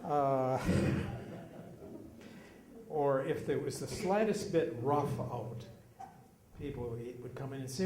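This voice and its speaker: An older man telling funny stories from his childhood, putting on customers' voices in higher tones. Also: drawn-out words, pauses often, background noise. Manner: acts out customers' lines in raised voices. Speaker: local storyteller. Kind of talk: casual anecdotal storytelling. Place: small hall at a historical society talk. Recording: roomy hall recording with faint ambience.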